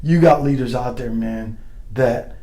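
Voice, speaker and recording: A man's voice: medium pitch, unhurried, mellow, poor audio. A middle-aged man, a former soldier and the guest, telling stories in casual chat. He is profane and slangy and acts out other people's voices. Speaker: guest, former Green Beret.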